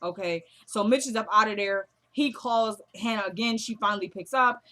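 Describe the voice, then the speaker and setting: A woman casually recapping a TV drama episode, retelling scenes as quoted dialogue with a chatty, animated delivery. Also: mid-range voice, normal speed. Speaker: show recap vlogger.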